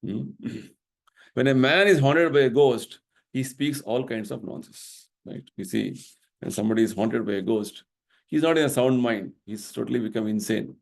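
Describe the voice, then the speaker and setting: Earnest man lecturing, gravelly voice. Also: medium pitch, normal speed. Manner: earnest and explanatory, tags points with "right?". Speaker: temple vice president giving a spiritual talk. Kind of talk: devotional lecture.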